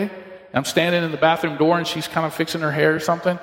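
A man's voice: on the high side, quick pace, fairly bright tone. A male pastor preaching a sermon, telling stories and acting out the dialogue in different voices. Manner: storytelling, acts out dialogue with shifting voices. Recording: echoey hall with long reverb.

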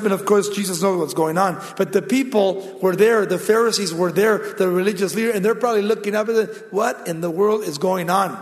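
High-voiced man preaching in a hall. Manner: animated storytelling, acts out voices in the scene. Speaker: pastor. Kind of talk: sermon.

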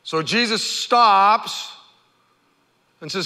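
Pastor, male, high bright voice, animated storyteller, big reverberant church. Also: moderate pace. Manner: animated storytelling, acting out the characters' shouts. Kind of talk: sermon.

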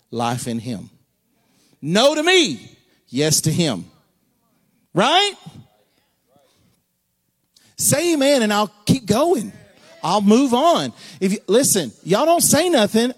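Pastor, man, fairly high voice, folksy humor, sudden shouts, deliberate delivery. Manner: folksy, joking, animated preaching with sudden shouts and hushed asides. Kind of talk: sermon.

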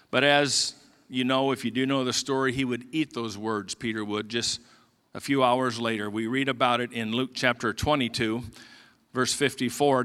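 Bright-voiced pastor preaching conversationally. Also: male voice. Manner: conversational, drops low and quiet for emotional parts. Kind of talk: sermon. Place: church sanctuary.

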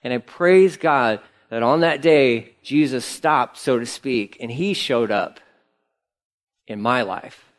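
A man preaching a conversational sermon, telling the story casually and acting out quotes in an animated way. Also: medium pitch, slow pace. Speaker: pastor.

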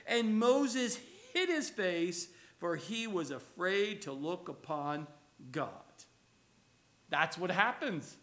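Guy preaching a sermon, really high voice, chatty, repeats himself a lot. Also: sharp tone. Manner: conversational preaching, repeats words, chuckles. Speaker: pastor.

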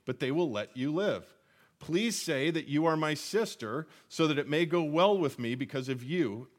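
A man preaching a sermon in a conversational teaching manner, asking rhetorical questions and correcting himself as he goes. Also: medium pitch. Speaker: pastor.

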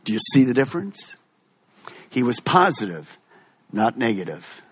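Male pastor, emphatic sermon delivery, lively pitch, slightly husky. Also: normal speed. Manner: animated, emphatic preaching with wide swings.

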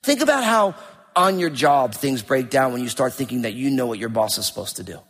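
A middle-aged man preaching a sermon with emphatic, animated delivery and rhetorical questions. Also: mid-range voice, brisk. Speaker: pastor. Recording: long hall reverb.

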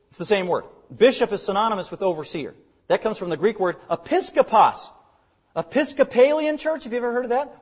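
A man with a high voice preaches to his congregation as their pastor. He explains terms step by step and hammers key words through repetition. The recording sounds dull and lo-fi. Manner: explanatory teaching, emphatic repetition. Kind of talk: sermon.

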